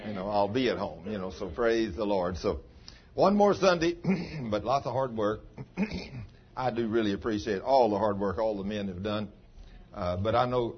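A man's voice: lowish voice, breathy edge. A man pastor telling stories in a folksy, homespun sermon, with plain country grammar. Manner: folksy, ungrammatical country speech. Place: church. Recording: dull lo-fi sound.

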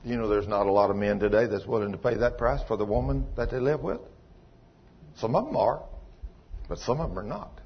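A man preaching a folksy, impassioned sermon, swinging between loud pleading and low quiet. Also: breathy edge. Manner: folksy, plain-spoken. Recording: dull lo-fi recording.

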